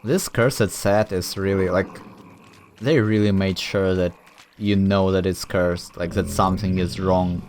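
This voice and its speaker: A man's voice: sits low, fairly even intonation, a little slow, darkish tone, slight background noise. A man casually commenting while playing a video game, rambling and thinking aloud with lots of fillers. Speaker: gameplay commentator. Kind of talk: casual let's-play commentary.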